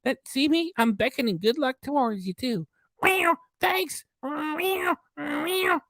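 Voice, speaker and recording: A man doing a chirpy high lucky-cat voice. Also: slow pace, bright, forceful tone, no room sound, studio quality, full character voice. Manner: sing-song, repeats meows and thanks. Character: chirpy beckoning lucky cat thanking donors.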